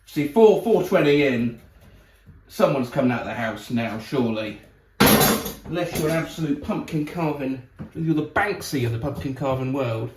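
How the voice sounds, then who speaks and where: A man chats and laughs casually as he plays, his voice a little high. He sounds away from the mic in an echoey room, with clear noise behind him. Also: expressive, moderate pace. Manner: chatty, laughing, exclaiming. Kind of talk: casual commentary while playing. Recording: roomy, distant mic with background noise.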